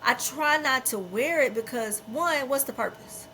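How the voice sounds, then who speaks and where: A woman's voice: high voice, unhurried, sharp tone, a little hiss or hum, low-quality recording. A middle-aged woman hosting a podcast, talking in a candid, emphatic and unfiltered way, often repeating herself for weight. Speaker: podcast host.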